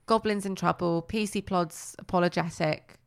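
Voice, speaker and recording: A woman, chatting casually as a co-host and retelling a cartoon plot with lively, playful put-on voices. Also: moderate pace, gravelly, clear, resonant tone. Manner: animated storytelling with squeaky put-on character voices. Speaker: podcast co-host.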